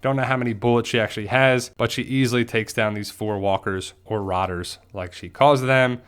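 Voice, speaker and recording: A man's voice: medium pitch, brisk, smooth. A man giving a casual, chatty episode recap and theory commentary, often acting out the characters' lines. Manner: chatty, animated, acts out quotes. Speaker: TV show commentator.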